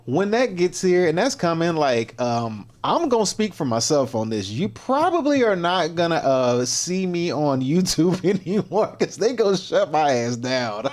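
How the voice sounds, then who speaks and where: A man's voice: a little high, a little mellow. A man hosts a casual livestream and talks in loose slang. He laughs often and repeats his phrases as he rambles through his points. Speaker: livestream host.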